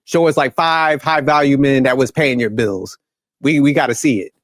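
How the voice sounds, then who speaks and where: A man's voice: medium pitch, moderate pace, dry recording, studio quality. A man hosting a reaction commentary, ranting bluntly in profane street slang. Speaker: commentary channel host.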